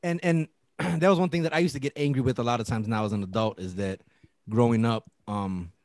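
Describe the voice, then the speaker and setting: A man in his thirties talking bluntly and profanely in casual chat, telling animated stories. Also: mid-range voice, fairly quick, dry recording. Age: 30s.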